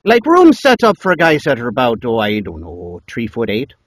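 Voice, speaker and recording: A man's voice: wildly swooping pitch, normal speed, no echo. A man doing a cheeky little leprechaun. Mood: playful. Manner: jokey, wandering pitch, playful. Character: small male leprechaun, mischievous and cheeky.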